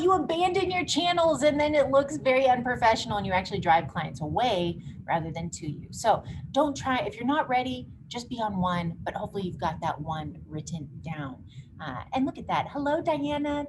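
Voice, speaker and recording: A woman hosting a live online marketing workshop, coaching emphatically. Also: mid-range voice. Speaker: workshop host. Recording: noisy background hiss.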